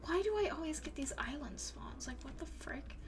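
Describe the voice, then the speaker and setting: A young woman livestreaming a game in casual chat, excitable and prone to gasping and squealing at what she finds. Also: high voice, moderate pace. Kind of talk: casual gaming stream chat.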